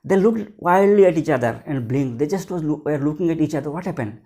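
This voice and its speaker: A man's voice: on the high side, animated, quick pace, dark tone. A male teacher reading a story aloud and explaining it line by line in simple words. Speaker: English teacher. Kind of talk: textbook lesson explanation.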